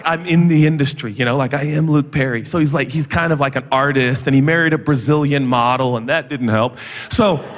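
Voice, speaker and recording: High, lively pastor preaching in a big hall. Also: male voice. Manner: animated storytelling with jokes and quick asides. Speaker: guest pastor. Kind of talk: sermon. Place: large church auditorium. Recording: long reverb of a big church hall.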